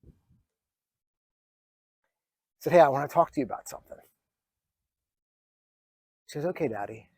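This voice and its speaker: This vlogger, a man in his forties, has a higher, darkish voice with vocal fry and a steady tone, and he talks quickly. Recounting a personal story, he's earnest and thoughtful, restarting often and leaning on fillers, sometimes nearly crying.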